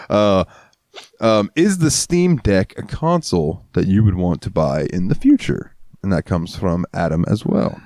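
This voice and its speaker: A man's voice: low voice, sing-song, moderate pace, warm tone, dry recording, clean studio sound. A man co-hosting a podcast in casual crude chat, joking and laughing often. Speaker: podcast co-host.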